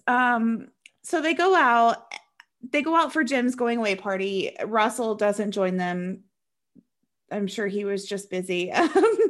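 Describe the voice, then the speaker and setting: A woman co-hosting a casual podcast, recapping a movie plot in a chatty, animated way with sarcastic asides. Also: fairly high pitch. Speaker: podcast co-host recapping a film. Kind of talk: casual chat.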